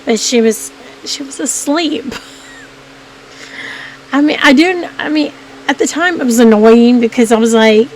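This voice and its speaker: A woman with a fairly high voice talks straight to her viewers in a casual vlog. She rambles as she tells a personal story and keeps restarting her sentences with fillers. A faint hiss sits under her voice. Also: a little slow, long pauses, rough recording. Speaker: vlogger.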